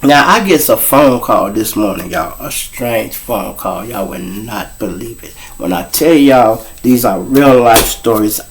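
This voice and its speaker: A man's voice: fairly low pitch, animated, measured pace, hardly any pauses, slight background noise. A man from Chicago hosting his show, telling a story in a casual, profane style full of street slang. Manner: profane, street slang, addresses listeners as y'all. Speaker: host, storyteller.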